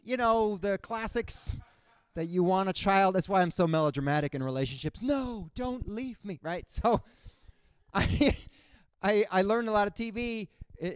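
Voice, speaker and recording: A young man from Cuba performing a stand-up comedy set on stage, with no accent and frequent jumps into high character voices. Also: clear, resonant tone, no echo, clean studio sound. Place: comedy stage before a live audience.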